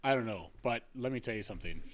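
A man's voice: mid-range voice, animated, fast talker. A man hosting a casual podcast chat outdoors at night, telling rambling, profanity-laced stories. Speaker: podcast host.

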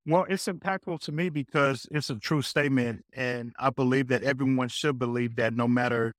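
A man guesting on a podcast, telling a personal faith story with an energetic, preacher-like delivery. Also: mid-range voice, normal speed, dry recording, clean studio sound. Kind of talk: casual faith talk.

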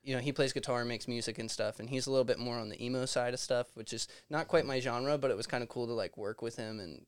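A young man from Virginia chatting as a podcast guest, relaxed and hesitant with many ums. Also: mid-range voice, fast talker, clean tone, dry recording. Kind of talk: casual interview chat.

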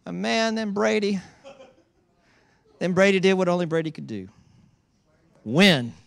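A man's voice: sits high, measured pace, creaky. A man preaching a sermon in a church, telling stories with playful teasing. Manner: animated storytelling with playful teasing. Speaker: pastor.

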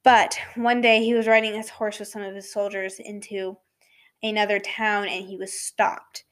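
A woman hosting a casual faith talk, rambling with asides and self-corrections, sometimes dropping to a soft whisper. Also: mid-range voice, level tone, moderate pace. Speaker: podcast host.

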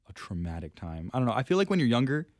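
A man's voice: medium pitch, sing-song, fast, darkish tone, dry recording, studio quality. A young man on a faith podcast, telling personal stories in a casual, self-deprecating way and laughing often. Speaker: podcast guest. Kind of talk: casual storytelling chat.

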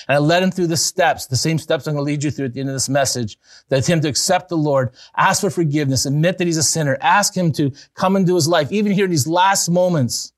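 A pastor preaches in an earnest, storytelling way, pushing into excited emphasis at key points. His male voice sits a little high. The sound is dry and close, with no room echo. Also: quick pace. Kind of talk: evangelistic sermon with storytelling.

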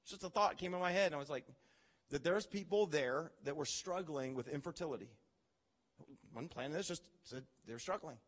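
A man preaching a sermon as pastor, telling stories with animated, acted-out reactions. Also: on the high side, fairly quick, long reverb tail. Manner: animated storytelling, acts out his own reactions.

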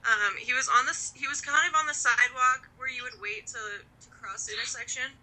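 A woman's voice: sits high, a little fast, sharp tone, low-quality recording. A young woman, an EMT student, telling a story casually with many hesitant fillers. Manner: hesitant, many ums and likes.

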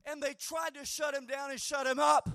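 Male preacher, high gravelly voice, fervent delivery from shout to hush. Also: level tone, moderate pace, no echo, clean studio sound. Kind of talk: sermon.

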